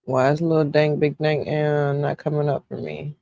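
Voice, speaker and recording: A woman hosting a reaction video, teasing and laughing loudly as she comments on a clip. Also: low voice, little pitch movement, moderate pace, creaky, no room sound, lo-fi sound.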